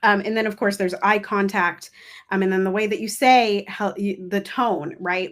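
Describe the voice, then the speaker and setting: A woman's voice: medium pitch, steady tone, normal speed. A woman hosting a coaching masterclass on a livestream. She talks in a casual, chatty way and acts out her examples with laughs. Her voice sits in the middle of the usual range.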